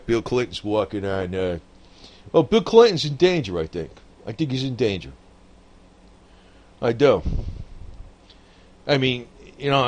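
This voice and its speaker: Man, casual political rant, lively swinging pitch, profane and laughing, loose delivery. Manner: rambling, profane, laughs often, frequent "man" and "I don't know". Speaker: political commentator. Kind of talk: casual rambling monologue.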